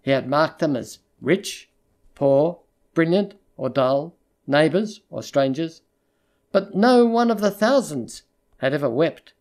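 An audiobook narrator reading a literary short story in a measured, even storytelling voice. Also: medium pitch.

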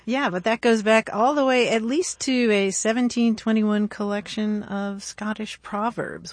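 A woman co-hosting a radio call-in show in a studio, her voice close and dry with no room sound. She talks in a chatty, easygoing way and reads quotations with evident relish, at an even middle pitch. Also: measured pace, few pauses, no echo. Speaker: co-host of a radio call-in show about words. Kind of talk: casual radio chat. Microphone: studio microphone.

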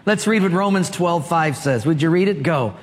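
A man's voice: a little high, animated, normal speed, a little hiss or hum. A man preaching a sermon, telling humorous stories and prompting the congregation to answer. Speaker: pastor. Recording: long hall reverb.

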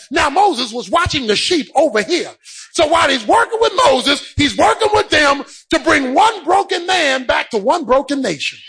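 A man preaching a sermon, swinging between shouted, sing-song peaks and quieter stretches. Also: very high voice, rough recording.

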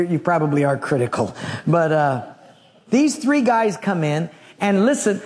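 A man preaching a sermon, telling a Bible story in an animated way with humorous asides. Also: sits high, in a large hall. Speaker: pastor.

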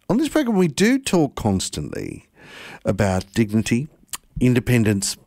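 Gravelly Australian radio host. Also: male voice, mid-range voice, darkish tone, no room sound, studio quality. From Tasmania, Australia. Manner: stumbles over words, laughs at himself. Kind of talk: community radio talk.

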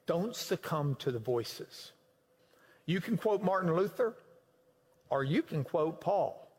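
A man preaching a sermon to a class, swinging between loud emphatic lines and quiet low ones. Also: sing-song, slow, husky. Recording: long hall reverb.

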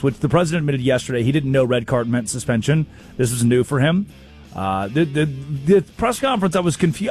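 Animated, joking radio host man. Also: fairly high pitch, husky. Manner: storytelling, mimics people in quotes, animated. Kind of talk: comedic sports talk.

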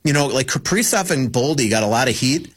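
A man's voice: medium pitch, lively intonation, brisk, fairly bright tone, slightly rough. A man who covers hockey, talking casually as a radio guest, rambling with lots of fillers and restarts. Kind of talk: casual radio sports talk.

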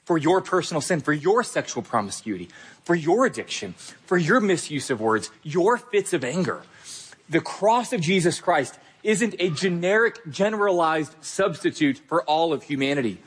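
A young adult male pastor delivers a sermon in an earnest, emphatic way, speaking right to his listeners. His voice sits fairly high and has a husky grain.

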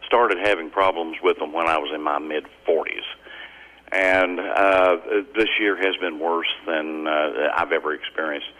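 A man's voice: low-pitched, fairly even intonation, measured pace, pushed and bright, rough recording. A man, calling in to a radio show, chatty and friendly with stumbling restarts. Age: 60s. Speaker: caller. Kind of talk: casual phone chat.

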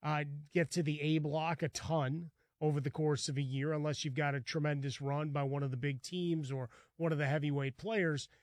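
A man co-hosting a sports talk show, speaking in an energetic, agreeable way. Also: on the high side, normal speed, hardly any pauses, no echo. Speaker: sports radio host.

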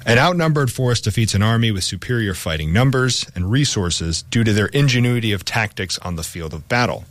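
A man's voice: lowish voice, expressive, fairly quick, fairly bright tone, no echo, studio quality. A man co-hosting a history podcast, reading a script with casual asides. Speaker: podcast co-host.

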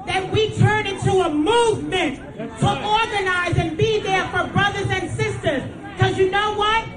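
A woman, a borough president, giving an outraged, rallying speech outdoors at a street rally. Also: very high voice. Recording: echoey outdoor crowd recording.

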